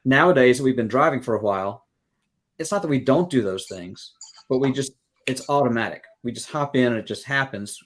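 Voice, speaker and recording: Man, podcast guest, mid-pitched, earnest explainer who leans on analogies. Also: animated, brisk. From Southern United States. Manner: acts out quoted exchanges. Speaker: guest music educator. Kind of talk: podcast interview.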